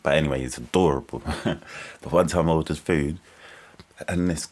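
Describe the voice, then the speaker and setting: Super deep guy reacting to clips, rambly and sweary. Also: normal speed, darkish tone. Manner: casual and sweary, rambling asides. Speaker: reaction video host. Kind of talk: casual chat.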